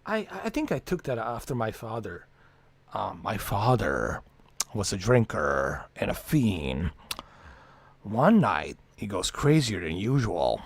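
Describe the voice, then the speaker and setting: Male streamer, casual rambling delivery with swearing; lively pitch, dry close sound. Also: unhurried, dry recording. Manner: rambling, frequent swearing and fillers. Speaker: livestream host. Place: home.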